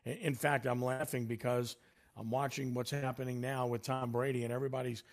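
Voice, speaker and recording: A man's voice: medium pitch, level tone, fairly quick. A male sports radio host leads an interview in an easy, conversational voice. He asks the questions and keeps the talk moving.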